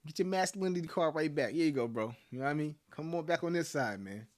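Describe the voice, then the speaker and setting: With an expressive, high-leaning voice and a fast delivery, a young channel host rants casually to the camera. He's blunt and swears, breaking into laughter between points.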